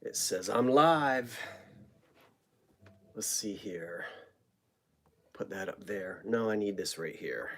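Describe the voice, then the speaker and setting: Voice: sits low, animated, unhurried, few pauses, fairly bright tone. A middle-aged host from New Jersey, chatting casually on a live stream from a home basement and greeting viewers by name.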